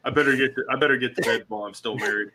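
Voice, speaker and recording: A man's voice: mid-range voice, fairly even intonation, very fast, background noise. A married man in a tabletop game group, giggling and teasing in casual chat. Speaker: player.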